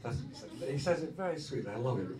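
A man co-leading a marriage course, talking informally to a group of couples in a good-humoured, halting way and laughing often. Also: mid-range voice, animated, over a noisy crowd. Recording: roomy hall, distant mic, faint noise.

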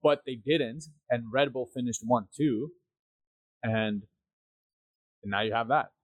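A man co-hosting a casual podcast, talking in a loose, rambling way full of fillers and tag questions. His voice sits at an ordinary middle pitch. It is recorded dry and close, with no room echo. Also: slow. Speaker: podcast co-host. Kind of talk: casual chat.

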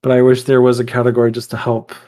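A man's voice: mid-range voice, completely flat delivery, fast talker, warm tone. A man in casual conversation among friends, rambling through his points and laughing at his own jokes. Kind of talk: casual chat.

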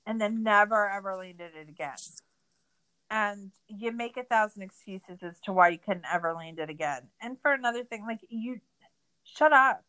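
A woman's voice: medium pitch, normal speed, fairly bright tone, clear, resonant tone, poor audio. A woman in her thirties co-hosting a podcast, recapping a documentary in a sarcastic, exasperated rant full of swearing. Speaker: podcast co-host. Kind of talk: casual recap chat.

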